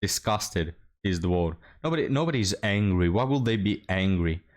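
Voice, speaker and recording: A man's voice: low voice, expressive, normal speed. A man hosting a reaction commentary, mocking and scornful, often laughing as he talks. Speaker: commentary host.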